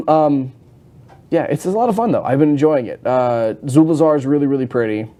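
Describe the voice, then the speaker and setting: Rambling, excitable male podcast host. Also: mid-range voice, brisk. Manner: rambling, excitable, frequent restarts and fillers. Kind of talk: casual gaming chat.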